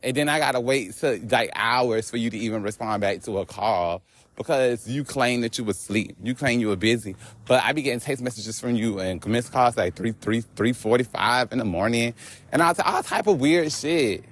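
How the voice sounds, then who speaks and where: A man vlogging outdoors on a walk, telling a story in an animated, profane rant. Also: medium pitch, normal speed. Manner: animated, profane, laughing asides.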